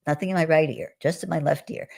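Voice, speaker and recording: A woman guest on a video call, recounting her experiences in a relaxed conversational way, with frequent restarts and soft laughs. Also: sits low, quick pace, gravelly, slightly rough. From United States. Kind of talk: conversational storytelling on a live stream.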